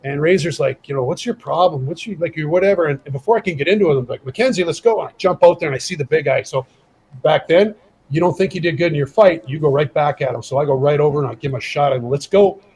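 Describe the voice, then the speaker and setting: On a podcast, a middle-aged ex-hockey enforcer animatedly recounts a casual story and voices the characters' quoted lines. He talks fast in a slightly high voice. The rough recording has a little hiss or hum.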